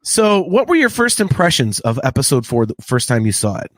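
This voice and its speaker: A man in his late forties, a podcast co-host, chatting casually and telling animated stories with frequent laughter. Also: mid-range voice, fairly quick, no echo. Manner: animated storyteller who laughs often. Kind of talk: casual chat.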